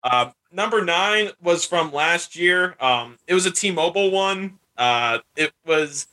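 A man's voice: high-pitched, expressive, slow, bright, forceful tone. A man hosting a casual chat show, rambling and laughing as he retells scenes. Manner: chatty, laughs while retelling scenes in put-on voices. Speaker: podcast host.

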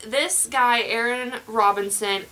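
A woman's voice: a little high, slow, sharp tone, low-quality recording. A young woman hosting a podcast, telling a true crime story in casual chat, rambling with many fillers and restarts.

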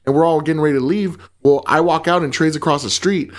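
A young man co-hosting a podcast, telling a story in an animated, profane way and laughing often. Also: on the high side, fast. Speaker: podcast co-host. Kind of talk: casual storytelling chat.

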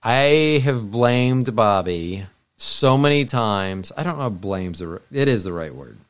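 A man's voice: on the low side, animated, unhurried, clear, resonant tone. A middle-aged man co-hosting a podcast, talking in a casual, meandering way with frequent restarts and self-corrections. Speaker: podcast co-host. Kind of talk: casual rambling monologue.

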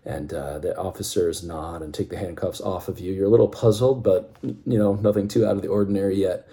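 A man with a very low, dark and mellow voice tells a dramatic story in the second person. He pulls the listener into the scene as "you". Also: steady tone, brisk, creaky.

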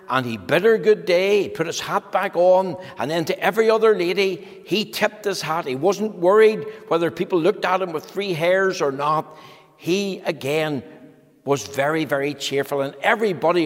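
A man giving a children's talk in church, telling a story slowly and gently to the children. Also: a little high. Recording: long hall reverb.

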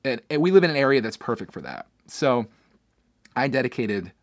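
A man's voice: mid-range voice, very animated, a little fast, dry recording, studio quality. A man hosting his own podcast, talking through his week in a candid, rambling way with frequent restarts. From Pennsylvania, USA. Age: adult, father of a young son. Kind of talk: casual personal podcast monologue.

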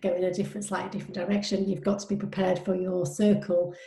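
Creaky-voiced woman host asking questions. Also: fairly low pitch, flat delivery, quick pace, warm tone. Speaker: interview host. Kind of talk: casual conversational interview. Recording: roomy echo.

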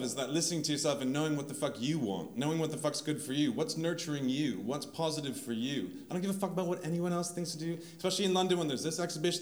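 A man speaking at an open mic, sweary and animated, swinging between quiet and shouting. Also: on the high side, reverberant. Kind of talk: impassioned open mic talk. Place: event venue with crowd. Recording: crowd noise in a live venue.

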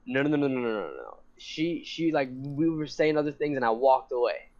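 A young man telling a long story in casual chat, rambling and animated, swearing and laughing often. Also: medium pitch, a little fast. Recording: dull lo-fi sound.

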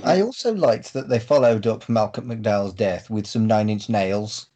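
A man's voice: lowish voice, moderate pace, warm tone. A man co-hosting a casual film podcast, enthusiastically giving his verdicts on scenes. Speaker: podcast co-host. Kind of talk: casual chat.

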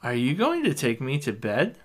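A woman's voice: very deep voice, wildly swooping pitch, moderate pace, full character voice. A man voicing a tipsy, giggling young woman who talks in a slurred, singsong way for a story reading.

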